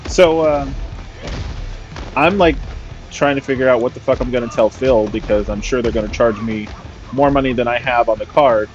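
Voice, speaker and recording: Brief: wry, swearing male storyteller from California, mid-pitched, over gameplay, on slightly dull audio with faint music behind. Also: moderate pace. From Sacramento, California. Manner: casual, profane, wry. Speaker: gaming storyteller.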